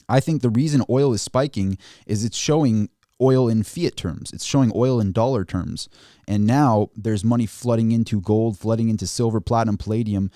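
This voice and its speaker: A finance channel host walks through market charts on a live stream, speaking in a lowish, dark, mellow male voice. He's animated and drops mocking asides in quoted voices. The recording is dry and close-miked.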